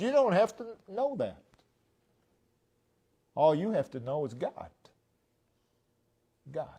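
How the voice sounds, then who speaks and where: A man with a high voice delivers a sermon at a slow, deliberate pace. He preaches with emphasis, pushing key phrases out loud and letting their endings drop soft, recorded in a church. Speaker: pastor. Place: church sanctuary.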